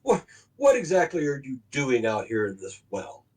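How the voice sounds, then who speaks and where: A man's voice: mid-range voice, huge pitch swings, normal speed, darkish tone. A man playing a tabletop game, asking questions in character. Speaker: player.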